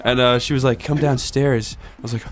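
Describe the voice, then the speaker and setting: A man telling a story in casual gaming chat, deadpan, acting out the people in it. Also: mid-range voice, racing. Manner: deadpan storyteller, acts out quoted voices. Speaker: let's play co-host.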